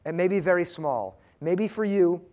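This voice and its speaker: Male pastor, thirties to forties, earnest sermon, unhurried and tender, a touch higher than most men. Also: darkish tone. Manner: earnest, slow and tender storytelling.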